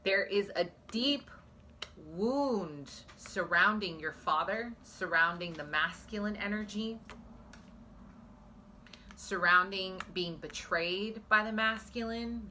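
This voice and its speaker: A woman's voice: mid-range voice, slow pace, bright, forceful tone, slight background noise. A woman giving a pick-a-card psychic reading on her phone, talking earnestly and emotionally straight to her viewers. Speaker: psychic tarot reader.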